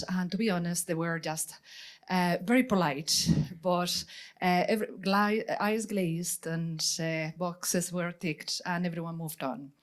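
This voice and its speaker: A lecturer with a Spanish accent gives a short talk at a conference. Her voice sits somewhat low for a woman, and her speech is halting, full of fillers and restarts. She pokes fun at herself along the way. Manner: hesitant, many fillers and restarts, self-deprecating. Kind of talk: lightning talk. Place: conference room.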